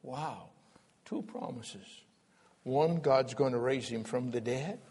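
Husky, slow-preaching man pastor. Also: mid-range voice. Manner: dramatic, swinging from loud to hushed. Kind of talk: sermon storytelling. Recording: long hall reverb.

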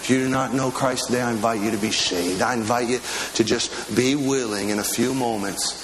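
A middle-aged man preaching in church, telling homely stories and slowing into earnest pleas. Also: medium pitch, crowd noise, low-quality recording. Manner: folksy storytelling preacher, slows into earnest pleas. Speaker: pastor. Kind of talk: sermon. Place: church sanctuary.

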